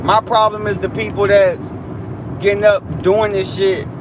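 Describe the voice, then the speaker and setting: High-voiced young man ranting preachily. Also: fairly even intonation, measured pace, background noise. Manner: preachy, repetitive, heated street talk. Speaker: streamer on a live stream. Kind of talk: ranting live-stream monologue.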